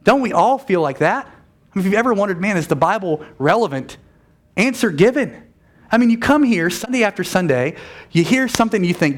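A man preaching a sermon in a church, animated and conversational, with quick self-correcting asides. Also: high-pitched. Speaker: pastor.

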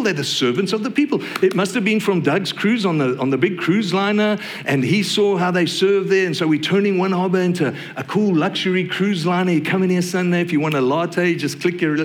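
A middle-aged man preaching a sermon, conversational and joking, with playful asides to the congregation. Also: fairly high pitch. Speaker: pastor.

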